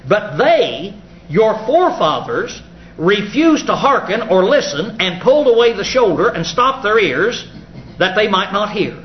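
A high-pitched man teaching scripture in a folksy, halting manner, often pausing on filler sounds. The recording is roomy and echoing, a little muffled, with faint ambient noise behind him. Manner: folksy, explanatory, halting with many uh's. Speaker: preacher. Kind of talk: Bible study sermon.

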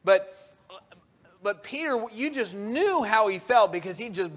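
A man with a high-pitched voice delivers a sermon. He talks in an animated way, rising loud and quick when he acts out quotes and sinking low and quiet on solemn points. He often restarts his sentences and chuckles between points. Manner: animated, swings from soft to loud when quoting. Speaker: preacher.

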